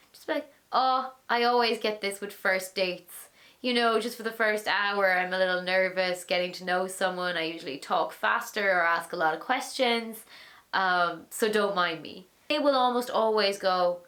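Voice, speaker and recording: A woman's voice: mid-range voice, normal speed, fairly bright tone. A young woman hosting a casual chat about dating, talking chattily, laughing often and reading out listener questions. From Ireland. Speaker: host.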